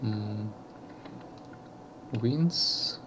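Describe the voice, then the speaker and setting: With a Russian accent, a man from Russia commentates a strategy game match in halting English, full of fillers and self-corrections. His voice is on the low side, and background noise can be heard.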